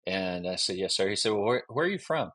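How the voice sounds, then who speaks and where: A man's voice: sits low, animated, fast, fairly bright tone. A man in his thirties from Alabama with a Southern accent, a guest historian telling a long story with many restarts. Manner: rambling with many restarts and fillers. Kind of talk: casual storytelling interview.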